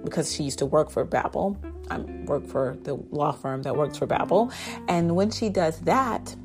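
A woman casually recapping a TV drama episode in a chatty, animated way, full of "like" and "basically". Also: low-pitched, moderate pace. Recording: guitar music underneath.

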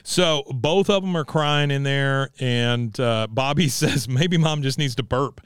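A man co-hosting a podcast, casually recapping an episode and quoting the characters with animated delivery. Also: mid-range voice, measured pace, clear, resonant tone, no room sound, studio quality. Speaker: podcast co-host. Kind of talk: casual recap chat and ad read.

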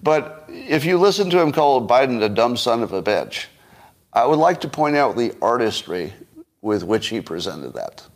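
A man's voice: mid-range voice, very animated, moderate pace. Male solo commentary host, wry and conversational, thinks aloud as he goes. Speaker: podcast host.

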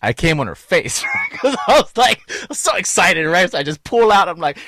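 A man's voice: fairly high pitch, big pitch swings, moderate pace, fairly bright tone, no room sound, studio quality. Crude, laughing man telling stories. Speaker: co-host. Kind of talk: casual podcast chat.

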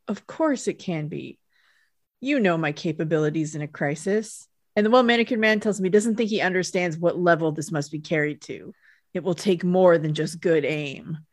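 A woman's voice: fairly low pitch, no echo, studio quality. A woman co-hosting a podcast, recapping a TV episode in an easygoing way with wry asides and frequent laughs. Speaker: podcast co-host. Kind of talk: casual chat recapping a TV episode.

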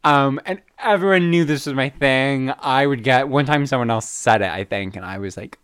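A man's voice: medium pitch, normal speed, fairly bright tone, clear, resonant tone, dry recording, clean studio sound. A man co-hosting a podcast in casual chat, giggly and full of filler words. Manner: chatty, giggly, lots of fillers. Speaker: podcast co-host.

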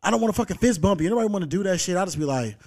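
Young male podcast host and comic, laid-back and foul-mouthed, slightly high voice. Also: very fast. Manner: laid-back, heavy swearing, animated when quoting people. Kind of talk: casual podcast chat.

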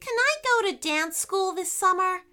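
A woman voicing an excited, pleading five-year-old girl in a children's storybook reading. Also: very high voice, moderate pace, faint music behind, voice pushed up, heavily acted. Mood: eager. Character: eager five-year-old girl who loves singing.

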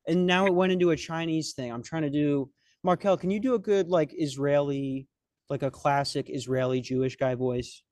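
A man's voice: a little high, fairly even intonation, normal speed, a little mellow, dry recording. A young man hosting a podcast, telling a comic story in a rambling, profane, self-mocking way. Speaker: podcast host. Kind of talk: comedic storytelling chat.

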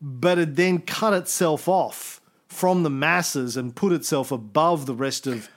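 A man hosting a casual history podcast, explaining events thoughtfully with pauses and restarts. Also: fairly high pitch. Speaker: podcast host.

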